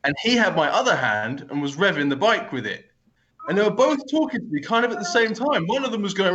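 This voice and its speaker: A man, a band member casually telling a story, animated and laughing, acting out other people's lines. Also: high-pitched, fast talker, muffled recording. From Essex, England.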